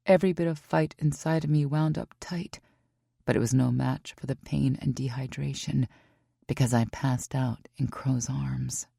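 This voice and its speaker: Brief: woman audiobook narrator, low and husky, dry close mic. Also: fairly even intonation, normal speed, warm tone, no room sound. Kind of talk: scripted first-person romance narration.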